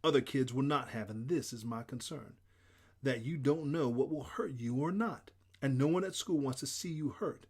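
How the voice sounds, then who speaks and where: A man voicing a calm, patient female schoolteacher who speaks slowly and soothingly in an audiobook. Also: medium pitch, husky, natural voice. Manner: slow, measured, soothing. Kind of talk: audiobook character voice.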